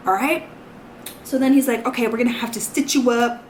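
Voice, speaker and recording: A woman's voice: on the high side, fairly even intonation, fairly quick. A young woman tells a story to her camera in a loose, rambling way. She keeps filling her sentences with "like" and "you know" as she goes. A faint hiss of noise sits under her voice. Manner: chatty, rambling, heavy use of "like" and "you know". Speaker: vlogger. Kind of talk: casual storytime vlog.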